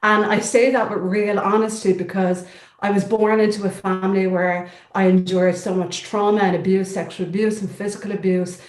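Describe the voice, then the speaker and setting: A woman's voice: medium pitch, little pitch movement, moderate pace. An Irish woman guest speaking in a heartfelt, spiritual way, her speech slightly thickened by braces, on a video call. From Ireland. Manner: warm, heartfelt, spiritual talk. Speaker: guest therapist. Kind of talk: interview conversation. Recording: roomy echo.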